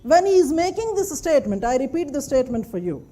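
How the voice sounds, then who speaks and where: Casting: female lecturer, high mellow voice, emphatic classroom delivery. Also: sing-song, fast. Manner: emphatic, repeats points and checks the class follows. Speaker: anthropology lecturer.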